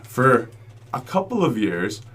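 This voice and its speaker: A man co-hosting a podcast, telling stories in a loose, animated way, swearing freely. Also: mid-range voice, takes it slowly, crowd noise. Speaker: podcast co-host. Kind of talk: casual podcast banter. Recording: noisy room recording.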